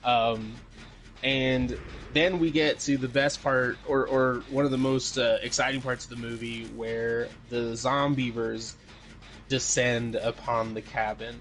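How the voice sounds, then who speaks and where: A man's voice: mid-range voice, fairly even intonation, unhurried, fairly bright tone. A man co-hosting a podcast, casually recapping a movie in a rambling way, with lots of fillers, swearing and laughter. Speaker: podcast co-host.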